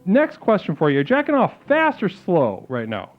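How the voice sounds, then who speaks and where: A man hosting a comedic call-in show, talking like a calm guru and then breaking into sudden crude outbursts. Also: sits high, moderate pace. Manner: mock-serene guru talk, abrupt crude outbursts. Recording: phone-like lo-fi sound with faint music.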